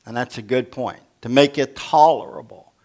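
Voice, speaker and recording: A man's voice: mid-range voice, moderate pace, darkish tone. An older man preaching a sermon as pastor, folksy and humorous, asking the congregation questions.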